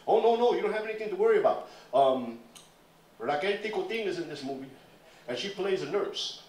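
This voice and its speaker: Glib studio executive, done by an older Nuyorican man, higher and louder, rushed reassurance, echoey stage. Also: animated, slight background noise. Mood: placating. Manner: reassuring, loud, quick. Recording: roomy live stage from far off.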